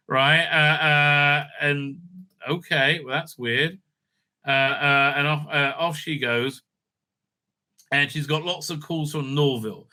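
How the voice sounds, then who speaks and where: A man's voice: fairly high pitch, a little slow, sharp tone. A man recapping and reviewing a show in a casual, rambling way, exasperated and full of fillers. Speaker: video reviewer.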